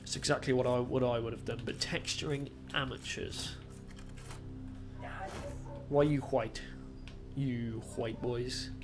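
A man's voice: mid-range voice, fairly even intonation, moderate pace, over music. A young man giving crude, sarcastic gameplay commentary as a channel host.

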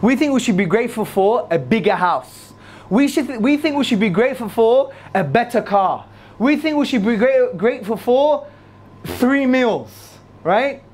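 Animated man giving a religious lecture. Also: moderate pace. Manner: animated, repeats key phrases for emphasis; swings between loud high emphasis and low asides. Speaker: Islamic lecturer.

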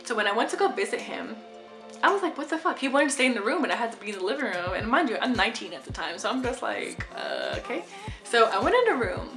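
A woman's voice: fairly high pitch, rapid-fire, roomy sound, over music. Chatty young woman telling a story. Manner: chatty, animated, swears a lot. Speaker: vlogger. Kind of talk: casual storytime vlog.

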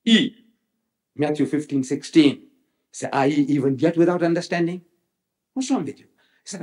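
A man's voice: a little high, moderate pace, long pauses, a little mellow. A man giving a public religious lecture, emphatic, repeating phrases for effect and quoting scripture dramatically. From South Africa.

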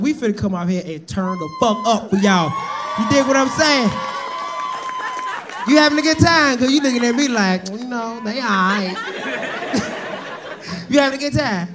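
A Southern man works the room as a stand-up comedian, brash and profane as he roasts people in the audience. His voice sits very high and swings wide. He's on a handheld mic on a club stage, with a loud crowd laughing and noisy around him. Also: lively intonation, a little fast, long pauses.

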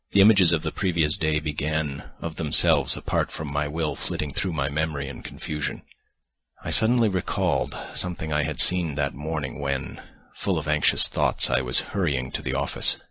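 Very deep-voiced male audiobook narrator. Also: fairly even intonation, moderate pace, sharp tone. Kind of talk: scripted first-person narration.

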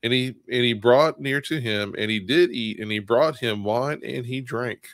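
A man's voice: medium pitch, moderate pace, fairly bright tone, no echo. A man co-hosting a casual Bible study discussion, rambling and acting out quotes with bursts of laughter. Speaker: co-host of a Bible study show.

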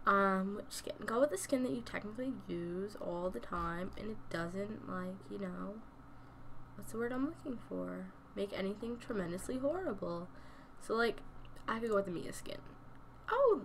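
A woman's voice: mid-range voice, pushed and bright, slight background noise. A young woman giving casual gameplay commentary from home, chatty and thinking aloud, often dropping to a murmur. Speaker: gaming YouTuber.

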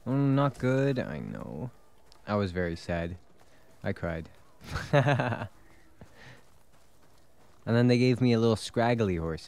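A man's voice: medium pitch, sing-song, takes it slowly, creaky, pauses often, a little mellow. A man streaming a video game, chatting casually, laughing often and swearing freely. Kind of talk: casual gameplay chat.

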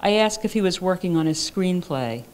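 A woman's voice: lowish voice, lively intonation, normal speed, darkish tone. A woman author reading her own fiction aloud at a live writers' conference, in a dry, wry first-person voice.

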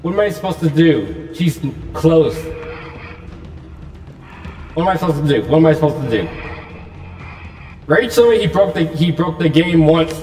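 A man's voice: on the high side, animated, normal speed, long pauses, darkish tone, roomy sound, in a large hall, recorded from a distance, faint music behind. A man nervously commenting while playing a horror game, repeating himself as he frets. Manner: anxious, repetitive muttering. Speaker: gaming YouTuber.

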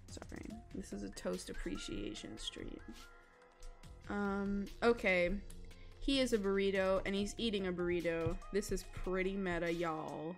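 A woman's voice: medium pitch, fairly even intonation, a little slow, creaky, soft background music. A young woman chatting casually with her chat while she draws, giggling often and rambling about food. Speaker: illustrator streaming live drawing.

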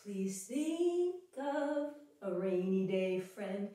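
A woman's voice: fairly high pitch, slow. A woman in her thirties leading a playful, sing-song yoga class for children. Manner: playful and animated, singing and making animal noises. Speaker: kids yoga teacher. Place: echoey room. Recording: very echoey room, voice far from mic.

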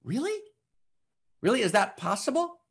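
A man preaches with fervent emphasis, repeating phrases and rising to loud declarations before dropping to quiet, slow passages. His voice is slightly high and husky, with a lively, swooping pitch. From United States. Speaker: spiritual teacher. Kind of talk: impassioned spiritual teaching. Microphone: online broadcast to a live chat.

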